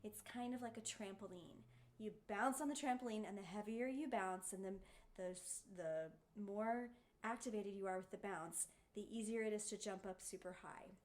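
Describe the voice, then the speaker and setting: A woman's voice: medium pitch, normal speed. A woman giving a singing lesson, encouraging her students and showing them the sounds with sung vowels. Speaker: voice teacher.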